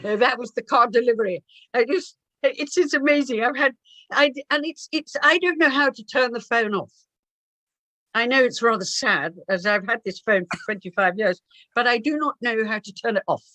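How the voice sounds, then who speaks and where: A woman, a guest author, tells stories in an animated, halting way and restarts her sentences often. Her voice sits fairly high. The sound is dry and close, over a video call. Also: dry recording. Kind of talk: anecdotal interview talk.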